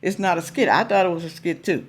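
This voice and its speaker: A woman's voice: lowish voice, quick pace. A woman hosting a reaction video, chatting straight to her viewers in a casual, teasing way.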